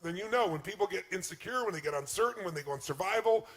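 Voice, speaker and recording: A man's voice: high-pitched, lively intonation, quick pace, a bit bright. A man giving an emphatic motivational talk on relationships, acting out quoted speech. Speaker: motivational speaker.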